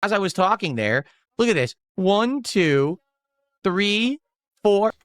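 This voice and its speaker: A man's voice: high voice, big pitch swings, slow, no echo, studio quality. A man talking casually on a live stream, complaining in an exasperated, defensive way. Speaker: streamer in a played clip.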